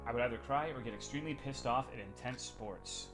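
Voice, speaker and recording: A man's voice: medium pitch, fairly quick, music in the background. A young adult man streaming live, chatting casually with his chat in a crude, rambling, sarcastic way.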